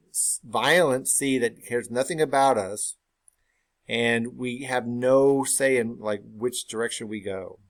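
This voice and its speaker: A man at a middle pitch, reading the lines of a Shakespeare scene aloud. He then stops to unpack them in loose, everyday talk. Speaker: teacher.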